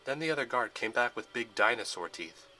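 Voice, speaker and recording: Bright-voiced man narrating a story. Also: medium pitch, expressive, a little fast. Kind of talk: storybook narration of a Lego fan film.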